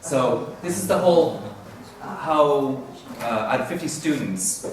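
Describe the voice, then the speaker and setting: A man with a slightly high, expressive voice presents at a teaching conference at a measured pace. He's casual and rambling, often chuckling and correcting himself. A distant mic records the conference room with roomy sound and faint hiss.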